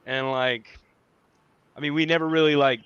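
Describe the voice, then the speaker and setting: Brief: loose, slangy podcast guy, bright edge, dry lo-fi sound. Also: a little high, fairly even intonation, normal speed, smooth, no room sound. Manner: loose, filler-heavy, says bro a lot. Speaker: podcast co-host. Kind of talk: casual chat. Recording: dull dry lo-fi recording.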